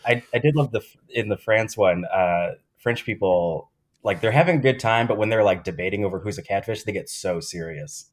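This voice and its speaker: A man with a low, steady voice talks with a fan's excitement, rushing through details and jumping between thoughts. He speaks like someone who can't wait to share. The tone stays casual and friendly among co-hosts. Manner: enthusiastic fan, chatty and excitable. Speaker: podcast co-host. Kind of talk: casual chat.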